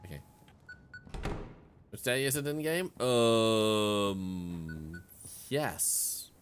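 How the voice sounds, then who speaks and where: A man's voice: medium pitch, very animated, takes it slowly, fairly bright tone, faint music behind. Chatty man streaming a game. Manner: chatty, reads game text aloud and reacts. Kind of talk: casual let's-play commentary.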